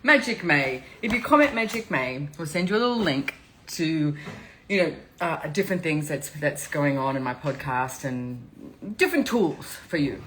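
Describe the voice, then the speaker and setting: A woman's voice: low-pitched, lively intonation, moderate pace, a bit bright, a little hiss or hum, poor audio. A woman hosting a live stream, talking in a rambling, candid and emotional way, teary and laughing often. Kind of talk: casual live-stream talk.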